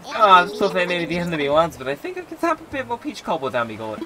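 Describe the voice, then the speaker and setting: A man's voice: high-pitched, sing-song, fast, music in the background, poor audio. A man voicing a bumbling male seagull sailor, reading his lines in an overdone pirate accent. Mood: hammy pirate.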